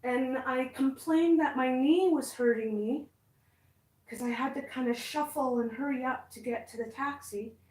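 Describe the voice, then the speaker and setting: A woman's voice: sits high, normal speed, darkish tone, far from the mic. A woman vlogger chatting casually to camera, reading out viewer comments and reacting bluntly, swearing when annoyed. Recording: roomy, from away from the mic.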